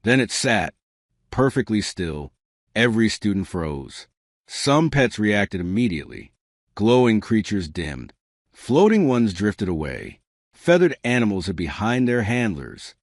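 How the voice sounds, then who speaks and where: A man narrating a science fiction story with steady, scripted delivery. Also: fairly low pitch, a little slow, dry recording, clean studio sound.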